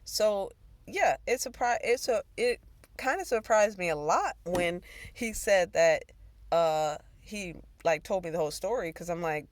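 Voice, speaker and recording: A woman's voice: fairly low pitch, expressive, unhurried, dry recording. A woman hosting her own talk show, telling a personal story in a rambling, profane way with bursts of laughter. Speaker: podcast host. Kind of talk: casual storytelling.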